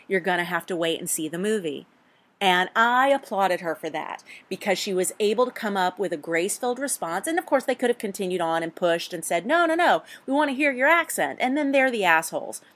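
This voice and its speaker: A woman hosting an advice show for actors, talking in a blunt, animated way with mild swearing. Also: on the low side. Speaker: host; casting coach. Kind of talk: advice talk.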